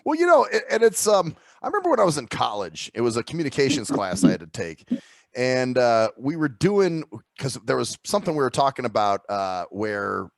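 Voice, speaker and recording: A man's voice: medium pitch, very animated, brisk, creaky, dry recording. A man hosting a casual interview, asking loose questions with many fillers and laughing along. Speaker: podcast host.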